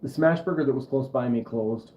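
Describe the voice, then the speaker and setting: A man's voice: mid-range voice, fairly quick, echoey room, highs cut off, noisy background. A man with a Minnesota accent hosting a casual livestream, rambling and chatting back to viewer comments. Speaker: knife channel livestream host.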